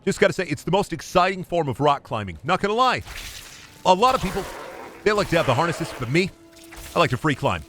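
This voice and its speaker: A young man streaming a game, chatting casually in a goofy, animated way and jumping into bits. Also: on the high side, quick pace, over music. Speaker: gaming streamer. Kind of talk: casual live-stream commentary.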